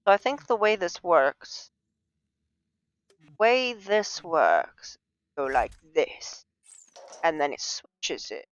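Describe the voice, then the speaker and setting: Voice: medium pitch, sing-song, slow, pauses often, clear, resonant tone, no room sound, highs cut off. A game streamer giving casual, rambling live commentary with lots of fillers and restarts. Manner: rambling, chatty, many fillers and restarts, laughs at own jokes.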